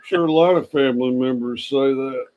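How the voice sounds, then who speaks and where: A middle-aged man co-hosting a casual pipe-smoking chat, teasing his partner with quick wisecracks. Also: medium pitch, darkish tone, lo-fi sound. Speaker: podcast co-host.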